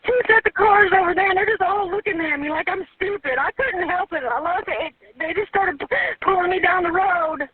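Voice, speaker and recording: A woman's voice: extremely high pitch, a little fast. A panicked woman calling for emergency help, crying, stammering and pleading over a phone line. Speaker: 911 caller. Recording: tinny phone line recording.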